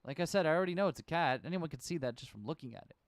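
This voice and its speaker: A man voicing a riled-up male police officer stuck in a cat costume, talking loudly and defensively. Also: a little high, expressive, racing, dry recording, natural voice. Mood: exasperated. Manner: loud, defensive, whiny.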